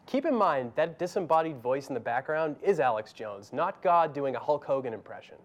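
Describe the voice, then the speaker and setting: A man's voice: on the high side, very animated, brisk, muffled recording. Man, news host, satirical commentary, dry sarcasm, studio.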